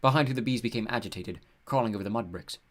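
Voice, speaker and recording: A man reading an audiobook in steady, measured scripted narration. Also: lowish voice.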